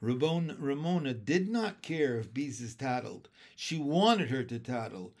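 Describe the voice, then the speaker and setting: A man reading a children's chapter book aloud in an expressive, lively storytelling manner. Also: medium pitch, a little slow. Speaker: reader.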